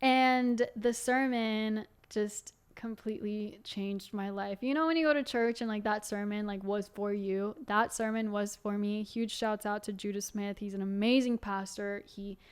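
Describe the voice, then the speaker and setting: A young woman candidly telling her life story to camera as the host of her own show, talking in a quick, loose flow with many fillers. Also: medium pitch, steady tone, smooth. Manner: candid and fast-flowing, full of fillers like "like". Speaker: singer and video host.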